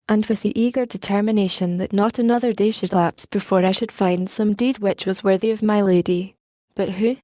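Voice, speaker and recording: A woman narrating an audiobook in a warm, mellow voice. Her delivery is measured and even, recorded close and dry with no room sound. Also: medium pitch, no echo.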